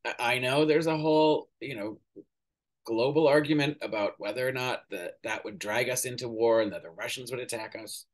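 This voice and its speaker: A man giving casual, opinionated political commentary as a podcast host, pausing often with fillers and swearing now and then. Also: medium pitch. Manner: opinionated, hesitant with many ums, swears casually.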